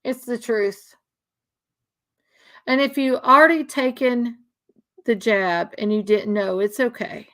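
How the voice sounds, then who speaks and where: Woman, slightly high voice, casual and earnest, stumbles through restarts and repeats key phrases. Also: takes it slowly, long pauses, a bit bright. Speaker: speaker sharing religious views. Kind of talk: casual emotional monologue.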